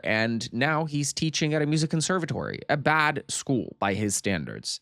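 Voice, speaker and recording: A man's voice: medium pitch, a bit bright, no room sound, clean studio sound. A man casually recapping a comedy movie, laughing often and swearing freely as he animatedly retells scenes. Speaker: movie reviewer.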